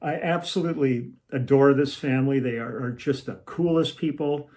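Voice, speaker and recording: A man's voice: mid-range voice, moderate pace, a little mellow. An older man telling a long story casually at home, meandering and acting out what people said. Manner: rambling, meandering, acts out quoted lines. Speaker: musician telling a tour story. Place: at home, room with a shelf.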